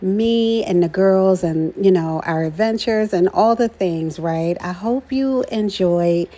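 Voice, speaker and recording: A chatty middle-aged woman narrates a travel vlog at an unhurried pace, in a voice of ordinary pitch. She sounds affectionate and keeps tagging her sentences with "right?". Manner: warm and emotional about her daughter. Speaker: vlogger, mother.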